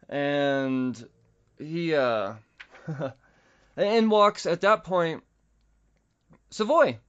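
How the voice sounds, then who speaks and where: A man hosting a podcast, casually recapping a comic book with profanity and quick voice impressions. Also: a little high, a bit bright, clean tone, highs cut off. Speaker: podcast host.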